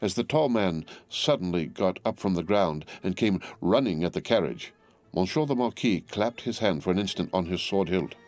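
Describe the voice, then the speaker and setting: A man narrating a classic novel as an audiobook in a measured, formal storytelling manner. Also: low-pitched, lively intonation, a little mellow.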